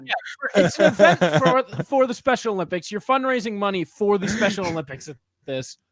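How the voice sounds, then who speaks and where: A man's voice: high-pitched, brisk, no echo. A man hosting a podcast in casual chat, telling a story with energy and acting out the people in it. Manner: animated storyteller, laughs often, acts out other people. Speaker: podcast host.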